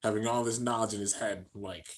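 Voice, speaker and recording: A man giving excited, slangy play-by-play commentary while reacting to an anime, shouting out at the big moments. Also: on the low side, brisk.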